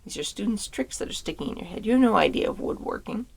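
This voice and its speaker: A woman voicing a gruff, scolding old woodcutter father in a storybook reading. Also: mid-range voice, animated, quick pace, a little mellow. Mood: angry. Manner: scolding, impatient.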